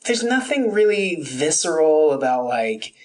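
A man's voice: a little high, sing-song, a little slow, darkish tone, low-quality recording. A man, a comedian guest from the Americas, talking in a rambling, self-deprecating way and slipping into silly voices. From United States. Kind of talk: casual interview chat.

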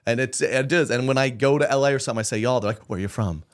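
A man's voice: medium pitch, racing. Easy-going man from Oklahoma. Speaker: podcast host. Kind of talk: casual podcast chat.

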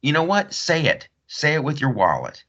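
Animated rambling male comedian host. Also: fairly high pitch, normal speed, muffled recording. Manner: rambling, repeats himself, animated storytelling. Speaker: podcast host and stand-up comedian. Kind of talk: casual comedic monologue.

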